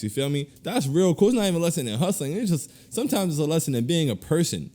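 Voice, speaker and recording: A man co-hosting a casual podcast, ranting in animated, slangy bursts and laughing through his complaints. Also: fairly high pitch, fast. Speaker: podcast co-host.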